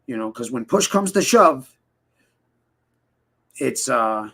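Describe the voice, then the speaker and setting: Gravelly profane man ranting. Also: medium pitch, sing-song, slow, pushed and bright. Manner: profane, rambling, heated, many fillers and restarts; mimics others in quoted voices. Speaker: interviewee. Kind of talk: casual ranting interview.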